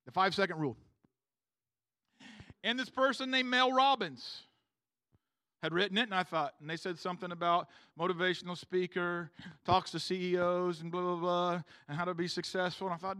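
High, bright-voiced casual preacher man. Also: steady tone, moderate pace, no echo, clean studio sound. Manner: casual, slangy, keeps asking the congregation for agreement. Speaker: pastor. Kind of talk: sermon. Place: church room with a congregation.

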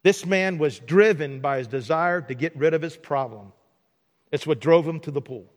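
A man preaching a sermon in a church, animated and acting out mock dialogues for laughs. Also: a little high, moderate pace. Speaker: pastor. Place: church sanctuary. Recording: long hall reverb.

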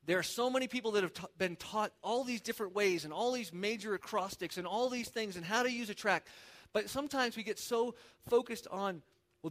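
A man preaching a sermon as pastor, animated and conversational, acting out little asides. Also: high-pitched.

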